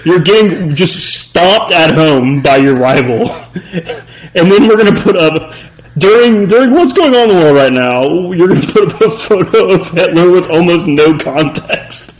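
A man with a slightly higher voice co-hosts a sports podcast, rambling through his points with restarts and chuckles. He leads the segments along. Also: lively intonation, measured pace, low-quality recording. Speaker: podcast co-host. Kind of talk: casual sports chat.

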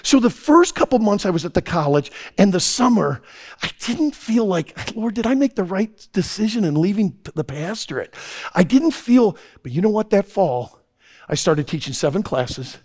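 A man preaching an impassioned sermon to young people, swinging from hushed tones to shouting. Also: high voice, very animated, moderate pace. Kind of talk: sermon to a youth audience.

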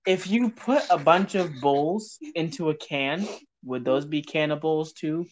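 A man co-hosting a casual podcast, teasing the others with quick deadpan quips. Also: fairly high pitch. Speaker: podcast co-host. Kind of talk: casual comedic chat.

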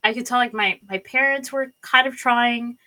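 A young woman tells a long personal story in an easy, chatty way. Her voice sits a little high and sounds bright and clear. She piles up fillers and slips into quoting others as she goes. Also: steady tone, moderate pace. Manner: rambling, filler-heavy, acts out quotes. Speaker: storyteller guest.

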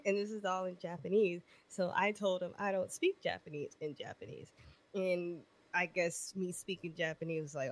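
Woman, twenties, lowish register, lively profane storyteller for a casual chat show. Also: moderate pace. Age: 20s. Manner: animated, profane, acts out voices in her stories.

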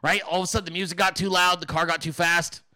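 A man's voice: sits high, little pitch movement, fast, bright, forceful tone, no echo, poor audio. A man hosting a political commentary show, ranting casually with sarcastic, profane mockery and frequent laughter. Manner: laughs often between remarks. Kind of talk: casual rant.

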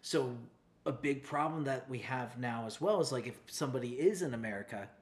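A man's voice: mid-range voice, a little fast. A man co-hosting a casual podcast, explaining at length in an earnest way. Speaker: podcast co-host.

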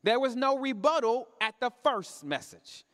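A man's voice: very high voice, big pitch swings, measured pace, fairly bright tone. A man preaching a sermon to a church congregation, talking conversationally and throwing questions out to the room for the crowd to answer. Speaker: pastor. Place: church sanctuary. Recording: reverberant church hall.

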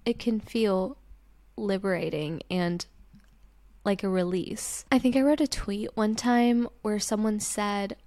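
Young female host, gentle and reassuring, personal advice talk, middle pitch. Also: takes it slowly. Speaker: podcast host.

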